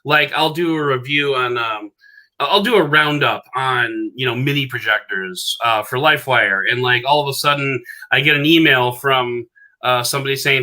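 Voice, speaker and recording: A man's voice: medium pitch, normal speed, sharp tone. A man hosting a podcast interview, chatting casually, rambling with lots of fillers and restarts and laughing at his own stories. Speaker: podcast host.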